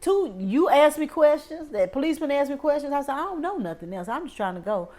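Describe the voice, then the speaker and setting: A woman co-hosting a podcast, telling a story in casual chat, animated and laughing often as she acts out other people. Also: sits high, fast talker. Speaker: podcast co-host.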